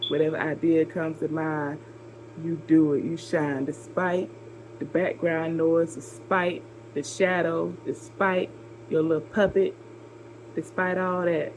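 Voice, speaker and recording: A woman from Georgia with a Southern accent, talking casually to camera in a response video, encouraging a viewer with drawn-out, repeated phrases. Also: deep voice, little pitch movement, slight background noise, rough recording. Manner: warm, repetitive encouragement with drawn-out emphasis. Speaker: vlogger making a response video.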